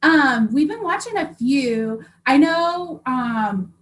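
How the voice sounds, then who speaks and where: A woman guest in a casual interview, animated and giggly. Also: sits high, takes it slowly, slight background noise.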